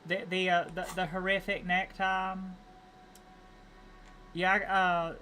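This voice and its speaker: A woman's voice: fairly low pitch, little pitch movement, takes it slowly, bright, forceful tone, slight background noise. Rambling woman with an Appalachian accent. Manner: rambling, repeats words and restarts, chuckles easily. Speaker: streamer. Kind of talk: casual livestream chat while gaming.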